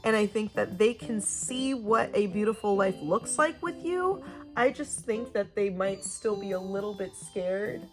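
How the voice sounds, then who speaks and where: A young woman giving a casual, chatty tarot reading to camera, gushing and talking with lively swings in pitch. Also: a little slow. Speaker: tarot reader. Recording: soft guitar music behind.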